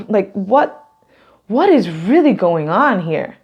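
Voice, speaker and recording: A woman with a gravelly edge to her mid-pitched voice talks through a tarot reading. She rambles and laughs often, and she sounds close to tears. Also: very animated, slow, muffled recording. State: near tears. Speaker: tarot reader. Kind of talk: casual tarot reading to camera.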